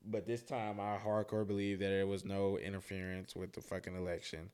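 A young adult man co-hosting a casual podcast, swearing freely and getting loud and worked up. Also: deep voice, level tone, a little fast, smooth. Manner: loose, profane, gets loud and worked up. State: sleepy from drinking. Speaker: podcast co-host.

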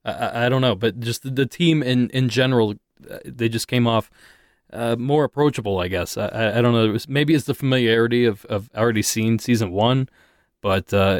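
A man's voice: medium pitch, fairly quick, no echo, clean studio sound. A man co-hosting a podcast in casual chat, talking hesitantly with many restarts. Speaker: podcast co-host.

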